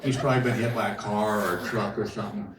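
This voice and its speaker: A man's voice: fairly low pitch, fairly even intonation, fast talker, background noise. A middle-aged man telling folksy stand-up stories on a casino stage, acting out both sides of each conversation. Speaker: stand-up comedian. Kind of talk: stand-up storytelling. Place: large casino theater stage. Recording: roomy live hall from far off. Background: audience laughter.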